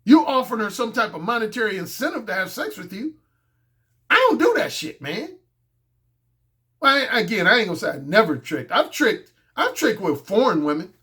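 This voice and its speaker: A man with a high voice for a male speaker holds forth as a dating coach in a loose, unscripted monologue. He talks bluntly and boastfully, with plenty of profanity. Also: very animated, moderate pace, bright, forceful tone. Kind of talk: casual monologue.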